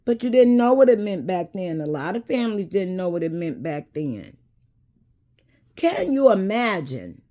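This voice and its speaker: A woman, hosting a casual talk and speaking in an unhurried, preachy way that addresses viewers directly. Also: a little high. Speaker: host.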